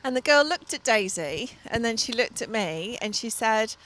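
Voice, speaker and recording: A middle-aged woman co-hosting a studio chat show, telling stories in a lively way and laughing often. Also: fairly high pitch, moderate pace. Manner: lively storyteller, laughs often, acts out voices. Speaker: TV show co-host and fitness business owner. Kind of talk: chatty anecdote on a studio show.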